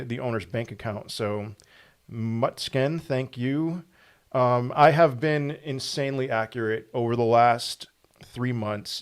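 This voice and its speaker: A young man hosting a casual livestream, reading viewer questions aloud and answering them offhand with plenty of fillers. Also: mid-range voice. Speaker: crypto livestream host.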